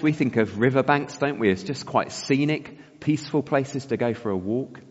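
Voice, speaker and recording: A man's voice: medium pitch, normal speed, few pauses, breathy edge. A man preaching a sermon, reflective and often asking his listeners rhetorical questions. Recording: long hall reverb, dull sound.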